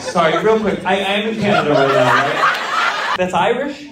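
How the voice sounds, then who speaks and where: A man's voice: high voice, lively intonation, far from the mic. Sarcastic male comedian teasing a crowd. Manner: quick, teasing, sarcastic banter with swearing. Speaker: stand-up comedian doing crowd work. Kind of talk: stand-up crowd work. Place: comedy club stage. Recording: live in an echoey comedy club, roaring crowd. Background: crowd laughter and noise.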